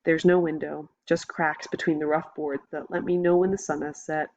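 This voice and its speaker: Woman reading a story aloud, lowish voice, kinda muffled lo-fi sound. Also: little pitch movement, moderate pace, a little mellow. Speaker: audiobook narrator. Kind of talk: first-person novel narration. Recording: dull lo-fi recording.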